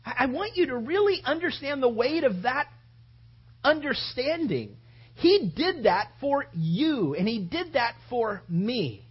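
A preacher delivering an impassioned sermon full of rhetorical questions, swinging from loud appeals to hushed reflection. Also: high voice, sing-song, a little slow, slightly rough, dull audio.

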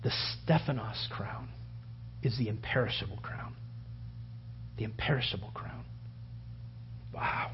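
A man preaching a sermon, acting out the story with loud outbursts and hushed whispers. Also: fairly low pitch, measured pace, pauses often, a little hiss or hum. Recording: dull lo-fi sound.

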